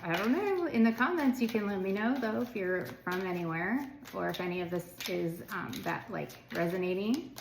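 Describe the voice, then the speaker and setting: A woman's voice: medium pitch, lively intonation, moderate pace, vocal fry. A woman from the United States giving a casual tarot reading to viewers, chatty and rambling, with lots of filler words. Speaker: tarot card reader. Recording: echoey room with background noise.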